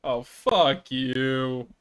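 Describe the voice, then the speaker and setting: A woman's voice: a bass voice, animated, drawn-out words. A woman streamer giving casual gameplay commentary, emotional, giggling and swearing.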